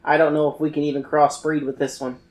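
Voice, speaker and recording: A game player voicing a laid-back young male dragon in a low, mellow way. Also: little pitch movement, fast, close to an everyday voice. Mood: easygoing.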